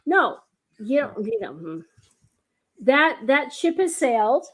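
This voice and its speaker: A woman's voice: sits high, big pitch swings, takes it slowly. A woman in her fifties from New York, a guest telling bawdy stories in casual chat and laughing often. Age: 50s.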